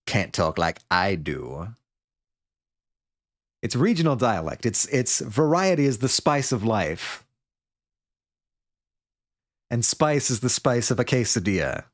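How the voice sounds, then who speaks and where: A man's voice: mid-range voice, sing-song, takes it slowly, long pauses. Chatty joking male game streamer. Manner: joking, chatty, reads chat aloud and laughs. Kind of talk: live game stream commentary.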